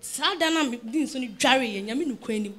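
A woman giving a testimony at a church service, speaking quietly and softly. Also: high voice, fairly quick. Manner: quiet, soft-spoken. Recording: off-mic.

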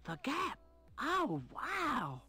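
An actress voicing a rude, restless child in an adventure game. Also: female voice, high-pitched, wildly swooping pitch, very slow, sharp tone, faint music behind, heavily acted. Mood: sulky. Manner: blunt, sulky. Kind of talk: 1990s adventure game voice acting.

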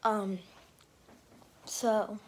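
Breathy woman ranting in a vlog. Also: mid-range voice, little pitch movement, extremely slow. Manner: rambling, swings between loud outbursts and half-whispers; profane and ranting. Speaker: vlogger. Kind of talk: rambling casual vlog rant.

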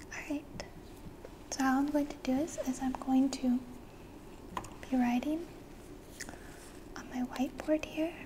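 A woman acting as a patient language teacher in a whispered role-play, speaking slowly and gently into a close microphone. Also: high-pitched, steady tone, noisy background. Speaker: ASMR teacher. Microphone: close microphone, occasional bumps.

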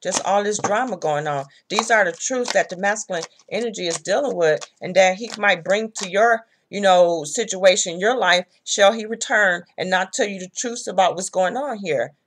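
A woman's voice: medium pitch, moderate pace, hardly any pauses, slight background noise. Blunt, profane woman tarot reader. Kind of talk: casual tarot reading.

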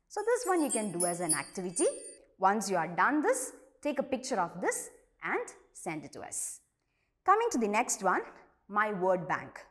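A young adult woman teaching an online class to young children, explaining slowly and patiently by asking and answering simple questions. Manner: reads dialogue lines aloud with lively pitch jumps.

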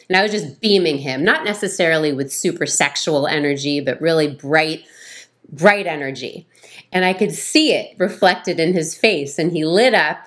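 A middle-aged woman with a fairly low speaking voice talks casually as a relationship coach. She tells her story in an animated way. When she quotes people, her voice leaps up high and gets louder. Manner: animated, acts out quoted lines in a higher voice.

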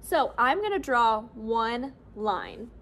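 A young woman teaching children a music lesson on rhythm, cheerful and clear, modeling syllables for them to repeat. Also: fairly high pitch, big pitch swings, slow pace, fairly bright tone. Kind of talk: classroom lesson video for children.

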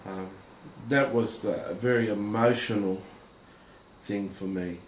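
A man with a somewhat low voice tells his testimony straight to the viewers, halting and earnest, pausing often. The room has a noticeable echo, and a faint noise hums underneath. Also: fairly even intonation. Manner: halting and earnest, many pauses and fillers. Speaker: Christian testimony speaker. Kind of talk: personal testimony addressed to viewers.

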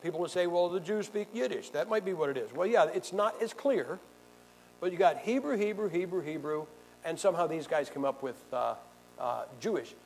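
Preacher guy with a higher voice, quizzing his class, sarcastic and punchy. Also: lively intonation, a little fast, creaky, darkish tone, slight background noise, poor audio. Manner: combative, sarcastic, quizzes the audience. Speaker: pastor. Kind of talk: bible teaching to a class.

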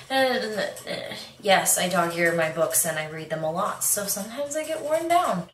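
A woman's voice: mid-range voice, expressive, normal speed, few pauses, fairly bright tone, far from the mic, a little hiss or hum. A young woman chatting casually in a book review vlog, bubbly and rambling, with plenty of restarts and laughs. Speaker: book vlogger. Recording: echoey room, away from the mic.

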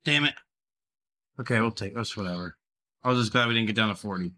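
A man's voice: on the low side, quick pace, pushed and bright. A man live-streaming his gambling, talking constantly in a profane voice that swings between begging the game and cursing at it. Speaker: livestreamer.

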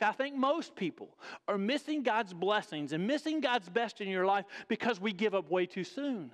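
A man's voice: high-pitched, a bit bright. A man preaching a sermon as pastor, emphatic, asking the congregation direct questions and calling them folks. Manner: calls the listeners "folks". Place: church sanctuary. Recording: long reverb of a church hall.

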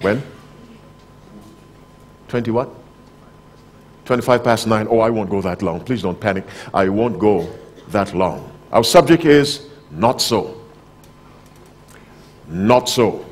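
A man preaching a sermon to a conference audience, talking directly, asking the crowd questions, and swinging between loud emphasis and soft, low asides. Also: lively intonation, slow pace, pauses often. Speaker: pastor. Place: conference hall, live audience.

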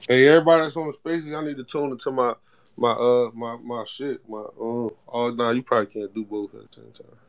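A man's voice: mid-range voice, fairly even intonation, fairly quick, muffled recording, slight background noise. A man hosting an online audio chat in a laid-back, rambling way. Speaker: host. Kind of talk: casual chat.

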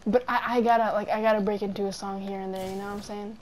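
A woman's voice: mid-range voice, level tone, fast, darkish tone, slight background noise. A young woman chatting casually with friends while playing a game, playful and giggly, breaking into silly sing-song bits. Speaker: gamer streaming with friends.

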